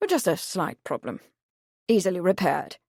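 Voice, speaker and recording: A woman voicing a brisk, offhand young gentleman motorist, in an audiobook. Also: fairly high pitch, expressive, no room sound, clean studio sound.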